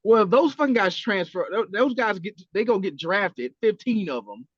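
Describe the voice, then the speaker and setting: A man with a fairly high voice talks casually on a podcast, animated and full of swearing. He acts out little quoted exchanges as he goes. The recording is dry and a little muffled. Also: normal speed, no echo. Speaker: podcast co-host. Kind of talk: casual chat.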